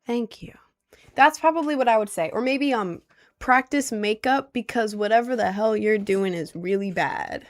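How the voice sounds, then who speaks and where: Young woman streamer chatting casually, rambly and jokey, pokes fun at herself. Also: mid-range voice. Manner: rambling, jokey and self-mocking. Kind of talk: casual chat.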